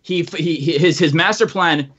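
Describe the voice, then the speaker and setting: Male co-host, rambling storyteller, slightly high voice, dull podcast sound. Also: normal speed, fairly bright tone. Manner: rambling, long-winded storytelling. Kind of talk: casual chat. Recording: lo-fi podcast audio.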